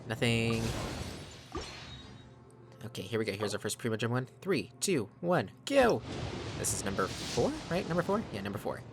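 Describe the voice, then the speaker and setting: A man's voice: medium pitch, expressive, normal speed, long pauses, music in the background. A man hosting a let's play, chatting casually to his viewers on a desk microphone. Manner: chatty, addresses viewers as guys. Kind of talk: casual gaming commentary.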